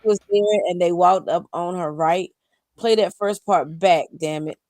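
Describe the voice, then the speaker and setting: A woman's voice: lowish voice, measured pace, darkish tone, no echo. A woman co-hosting a live talk stream, reading viewer comments aloud and adding dry, sassy asides.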